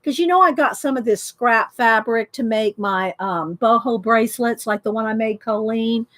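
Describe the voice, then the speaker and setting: Chatty higher-voiced woman crafting. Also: normal speed, a bit bright. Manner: chatty, rambling, enthusiastic. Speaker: art journaling host. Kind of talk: casual live chat while crafting. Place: home craft desk.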